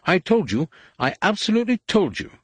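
A man's voice: mid-range voice, very animated, a little fast, breathy edge, no echo, voice pushed up. A man reading an audiobook, voicing a fussy, anxious golden protocol droid in a prim, fretful, exclamatory way. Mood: alarmed. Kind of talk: audiobook character voice.

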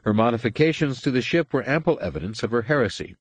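A man reading a science fiction novel aloud as a narrator, with measured, expressive storytelling. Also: mid-range voice, breathy edge, no echo. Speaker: audiobook narrator. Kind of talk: scripted narration.

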